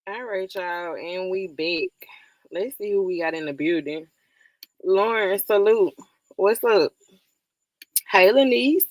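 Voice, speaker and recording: A woman's voice: mid-range voice, slow pace, long pauses, no room sound, poor audio. A woman hosting a casual livestream, greeting viewers by name, laughing often and swearing freely. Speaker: livestream host.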